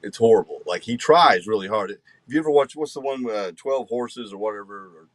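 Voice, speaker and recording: Man, low voice, emphatic, podcast co-host, dry sound. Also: a little fast, no room sound. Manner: animated, emphatic storytelling. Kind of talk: casual chat.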